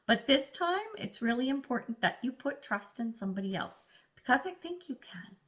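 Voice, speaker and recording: A woman's voice: a little high, big pitch swings, moderate pace, a bit bright. A woman giving a casual, chatty tarot reading, playfully acting out little voices as she talks. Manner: speaks of herself as an earth sign. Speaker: tarot reader.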